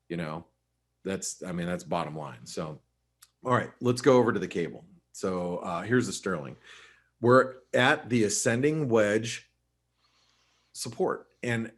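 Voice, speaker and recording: Low-voiced man giving casual chart commentary. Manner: casual, chatty, talks straight to viewers; frequent restarts and filler. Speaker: host and market analyst. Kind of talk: live webinar chart commentary.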